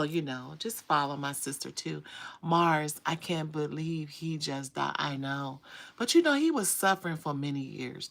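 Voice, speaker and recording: A middle-aged woman hosts a casual livestream, greeting viewers with terms like baby and sugar. Her voice sits low, with a gravelly, fry-edged texture. She talks in an animated, drawling manner, close to a phone mic. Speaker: livestream host.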